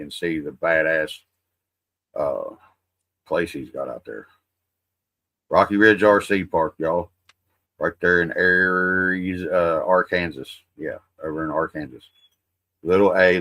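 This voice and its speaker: Bright-voiced man rambling casually. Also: a bass voice, dry recording. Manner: rambling, profane, folksy. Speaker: livestream host. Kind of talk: casual livestream chat.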